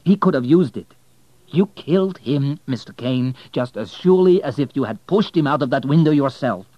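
A man's voice: medium pitch, no echo, lo-fi sound, pitched above the performer's own voice, natural voice. A man reading an audiobook, voicing a proud, angry male hotelier with a heated, raised delivery.

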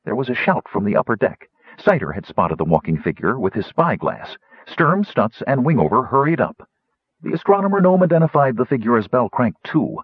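Male audiobook narrator, lively low voice, dry lo-fi sound. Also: brisk, breathy edge, no room sound. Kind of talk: scripted fantasy narration. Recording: dull lo-fi audiobook recording.

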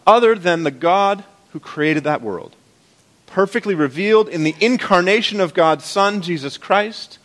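A man's voice: on the high side, big pitch swings, a little slow, fairly bright tone. A man as pastor, preaching to his congregation in a conversational, playful way. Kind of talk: sermon.

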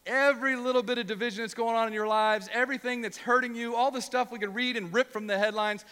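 High, bright-voiced preacher man. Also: steady tone, fast, clear, resonant tone, big-room sound. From Ohio. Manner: emphatic, repeats words when worked up. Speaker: pastor. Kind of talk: sermon.

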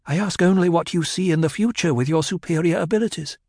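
A man's voice: a little high, fast talker, gravelly, darkish tone, no room sound, clean studio sound, pitched above the performer's own voice. A man voicing a proud, defiant young noblewoman in an audiobook reading. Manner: defiant, flaring.

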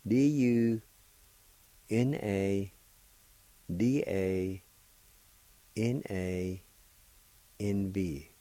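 A man hosting a pronunciation lesson, sounding out words syllable by syllable and repeating them slowly. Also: fairly low pitch, darkish tone, no room sound. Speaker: language teacher and radio host.

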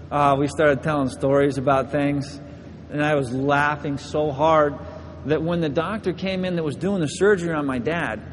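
A young man preaching to a church, telling a personal story in an animated, laughing way. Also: a little high, in a large hall, slight background noise. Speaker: pastor. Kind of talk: storytelling sermon. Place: church hall.

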